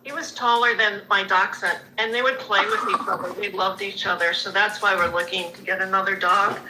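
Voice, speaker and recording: A woman's voice: mid-range voice, fairly even intonation, fairly quick, noisy background. A woman pet owner chatting casually, rambling and restarting her sentences. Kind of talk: casual street chat.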